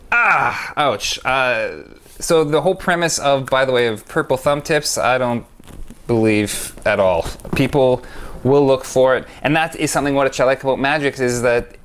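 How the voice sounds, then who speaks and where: A man's voice: medium pitch, measured pace, a bit bright. Rambling, enthusiastic man talking magic. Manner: rambling, stop-start, self-correcting. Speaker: magician reviewing his own trick. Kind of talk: casual talk to camera.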